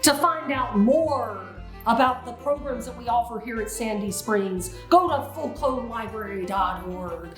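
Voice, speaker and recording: A woman's voice: a little high, a little slow, hardly any pauses. Playful pirate-talking woman in an echoey room. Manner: pirate lingo and sung shanty bits. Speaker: library story time host. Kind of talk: playful pirate-themed promo talk. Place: library. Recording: echoey room with faint music.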